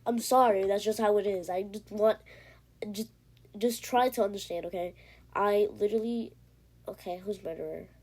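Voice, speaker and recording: A woman giving casual, rambling commentary while she plays a game, breathing heavily and getting excited easily. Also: medium pitch, normal speed. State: heavy breathing. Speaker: gamer. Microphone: iPad.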